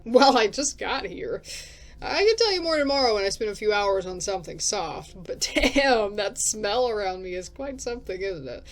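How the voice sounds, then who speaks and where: A man's voice: high voice, expressive, normal speed, soft background music. A woman voicing a casual, laid-back male drifter with a slangy, easygoing way of talking.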